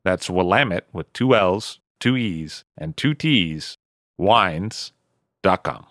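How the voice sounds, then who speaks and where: A male interviewer with a very low voice spells out a web address slowly and clearly, then turns to his guest. The recording is dry with no room sound. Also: animated, a bit bright, no echo. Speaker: interviewer host.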